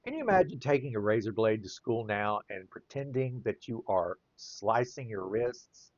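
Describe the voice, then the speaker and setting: A man's voice: on the low side, moderate pace, no echo, lo-fi sound. A man telling a casual anecdote while he draws, chuckling often as he talks. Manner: chuckles often, lively rise and fall. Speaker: artist and storyteller.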